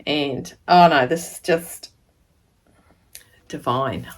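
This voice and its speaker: A woman, chatting casually to camera as she unboxes a gift of fabric, gushing and sometimes dropping into soft whispers. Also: deep voice, drawn-out words, slight background noise. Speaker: sewing vlogger.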